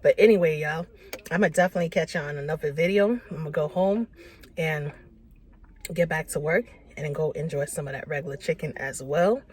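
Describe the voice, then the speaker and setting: A woman food vlogger talking casually and excitedly between bites in an eating vlog, with slangy, chatty speech. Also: on the low side. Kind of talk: mukbang eating vlog chat.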